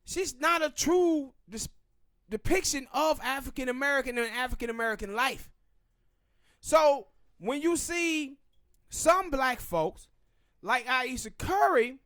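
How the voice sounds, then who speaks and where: Man, Southern US accent, very high voice, dry close mic, emphatic rant. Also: bright, forceful tone, no room sound. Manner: emphatic, ranting, drawn-out pauses. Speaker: podcast host. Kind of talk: opinionated casual commentary.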